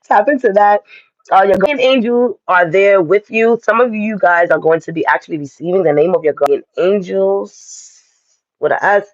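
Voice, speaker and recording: Guy doing a chatty tarot reading, kinda high voice, dry dull lo-fi sound. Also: moderate pace, no room sound. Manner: chatty, direct, addresses viewers as y'all. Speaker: astrology and tarot reader. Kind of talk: casual spiritual reading to viewers.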